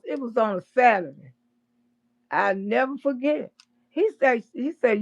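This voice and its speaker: A woman doing casual livestream commentary, blunt and profane, with loud bursts of laughter. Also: high voice, moderate pace, creaky, lo-fi sound.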